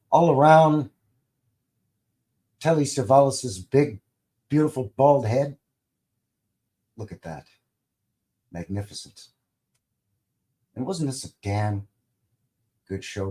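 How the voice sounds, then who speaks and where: Here a man of medium pitch speaks slowly and expressively, leaving long pauses, his tone mellow. He runs a casual live stream, saying hello to viewers and reading out their comments with light jokes and the occasional mild curse.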